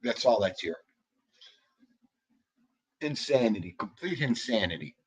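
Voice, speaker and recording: A man hosting a casual livestream, chatting loosely and greeting viewers by name with an animated, jokey manner. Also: on the low side, a little slow, slightly rough, poor audio. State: out of breath. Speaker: livestream host.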